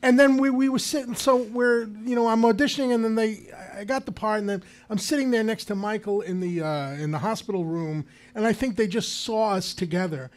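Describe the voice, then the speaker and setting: A man, a guest actor, telling lively anecdotes in a live stage interview before an audience. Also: high voice, fairly quick, hardly any pauses. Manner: animated storyteller, laughs often.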